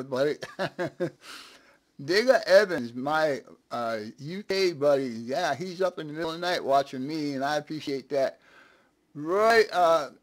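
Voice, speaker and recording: A man hosting a casual live stream, chatting, laughing often and greeting viewers one by one. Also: a little high.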